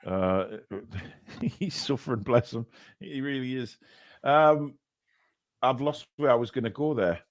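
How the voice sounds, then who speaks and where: A man's voice: medium pitch, expressive, a little slow, dry recording. A man hosting a charity live stream, reading out donations and laughing at cheeky comments. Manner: laughing, reads out super chats with mock outrage. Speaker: livestream host reading donations. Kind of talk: casual live stream chat.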